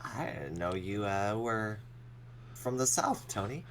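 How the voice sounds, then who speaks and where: A man chatting as a player in a tabletop role-playing session. His voice is low, but it swings widely and lively in pitch, and he keeps things joking and playful. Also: slow, a little hiss or hum, low-quality recording. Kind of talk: casual chat during a tabletop game.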